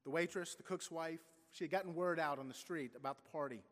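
A man's voice: on the high side, brisk. A man, a pastor, tells a story in a sermon, briefly voicing its people. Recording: long church reverb.

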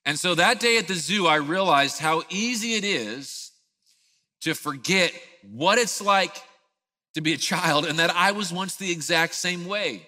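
A man in his thirties, a pastor giving a sermon, telling a family story in an animated way and acting out the scenes. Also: high-pitched, unhurried, in a large hall.

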